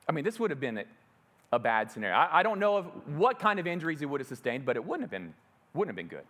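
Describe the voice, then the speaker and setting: A middle-aged man preaching a sermon, his slightly high voice rising and falling with lively energy as he tells a story. He acts out each moment vividly, like a storyteller in the pulpit. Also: quick pace. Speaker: pastor.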